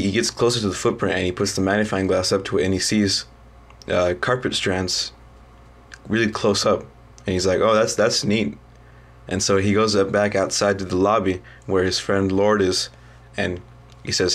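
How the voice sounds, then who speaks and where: A young man, a student, casually retelling a story in a halting way, full of ums and restarts. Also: sits low, flat delivery. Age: young adult.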